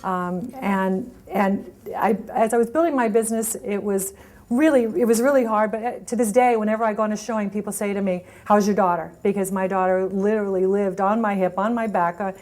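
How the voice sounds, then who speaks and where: Middle-aged woman, personal storytelling talk, animated, restarts often, voices her quotes higher. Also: brisk. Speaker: speaker at a networking event.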